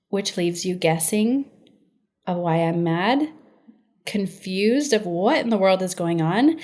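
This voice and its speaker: A woman's voice: medium pitch, a little mellow. Woman podcast host, mid-range voice, conversational and emphatic. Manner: emphatic, conversational, addresses listeners directly. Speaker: podcast host and inner-healing practitioner. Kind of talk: teaching podcast monologue.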